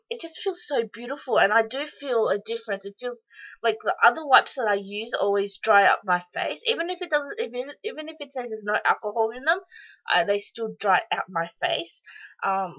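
An Australian woman chatting casually through a beauty box unboxing, excitable and rambling, with lots of ums and happy squeals. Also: a little high, moderate pace, dull audio. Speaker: beauty vlogger.

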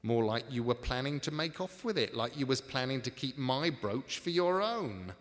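A sour, greedy old shopkeeper, as a man puts him on for a live reading, grumbling one moment and wheedling the next. His voice jumps lively up and down, ringing with the long echo of a large hall. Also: on the low side, normal speed.

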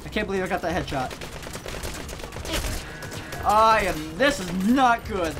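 Excitable let's-play commentator who curses and hollers at the screen, mid-pitched, over a noisy track. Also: moderate pace. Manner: excitable, swears and yells at the game. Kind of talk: gameplay commentary.

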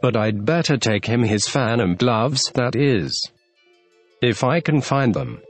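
A man voicing a curious, polite young girl in a storybook reading, gently wondering aloud to herself. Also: medium pitch, lively intonation, slow pace, soft background music.

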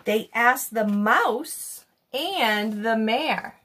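A woman reading a picture book aloud to children, expressive and asking the listener questions. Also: fairly high pitch, drawn-out words, husky. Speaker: storyteller.

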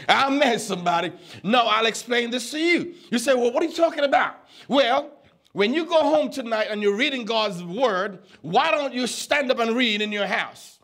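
A young preacher in his twenties with a high-pitched voice gives an animated Bible lesson. He teases his listeners and throws questions out to them as he teaches. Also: measured pace. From U.S. Virgin Islands. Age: 20s. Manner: animated, teasing, asks the congregation questions.

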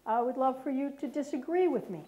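A middle-aged woman and former prosecutor giving a talk to an audience in a lecture room, speaking slowly and chatting directly with the listeners. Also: sits high, warm tone, low-quality recording.

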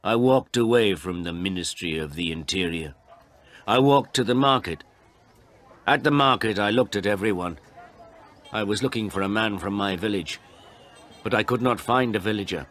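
A man narrating a learner's storybook in a slow, clear, deliberate way. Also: fairly low pitch, fairly bright tone.

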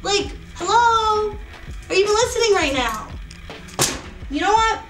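A woman's voice: very high voice, lively intonation, fairly quick, a bit bright. An actress playing a woman arguing with her partner, exasperated and nagging. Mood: irritated. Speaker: actor in a music video skit. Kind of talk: improvised couple argument. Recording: distant, echoey room with music.

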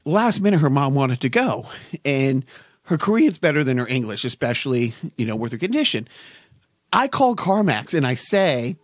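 A man co-hosting a podcast in casual chat, telling stories with lots of restarts and animated bursts. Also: medium pitch, normal speed, no room sound, clean studio sound. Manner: rambling storyteller, many restarts, animated. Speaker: podcast co-host.

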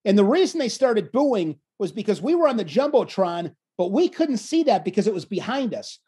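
With a high, husky voice and a fairly quick pace, a wrestling commentator tells a story in a casual interview. He's animated and pokes fun at himself, frequently restarting what he's saying.

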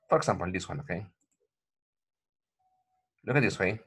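A man teaching pronunciation in an online lesson, repeating words slowly and calling viewers "my friends". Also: on the low side, slightly rough. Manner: repetitive, addresses viewers as my friends, frequent okay.

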